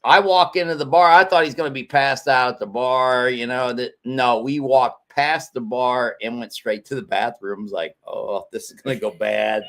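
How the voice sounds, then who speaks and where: A man's voice: mid-range voice, steady tone, normal speed, hardly any pauses, a bit bright. A man casually telling a wry story to his friends. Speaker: friend in the group.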